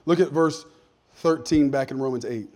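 A man preaching a sermon as a pastor, talking in a conversational way that sinks to soft asides and climbs to emphatic points. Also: medium pitch, normal speed.

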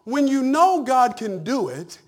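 A man preaching a humorous, animated sermon, jumping from loud punchlines to hushed asides. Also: extremely high pitch, unhurried. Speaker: pastor.

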